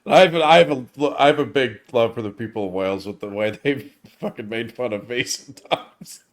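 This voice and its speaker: A man's voice: medium pitch, a little fast. Rambling man co-hosting a review chat. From United States. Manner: rambling, many "like"s. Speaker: film review co-host. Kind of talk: casual chat.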